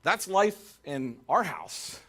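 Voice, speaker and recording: A man's voice: a little high, slow. A male pastor preaching a sermon to a congregation, telling jokey stories and acting out the quotes. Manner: animated, jokey storytelling with voiced quotes. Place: church sanctuary.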